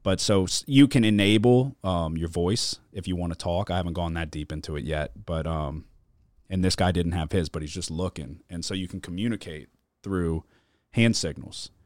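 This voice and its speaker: A male podcast host chats casually, telling rambling stories packed with swearing and filler words. His voice is low-pitched and a little mellow at a moderate pace, recorded dry with studio quality.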